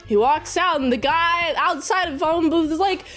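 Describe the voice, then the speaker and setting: A woman's voice: extremely high pitch, normal speed, fairly bright tone, soft background music. A woman reviewer casually recapping a movie, rambling with sarcastic asides.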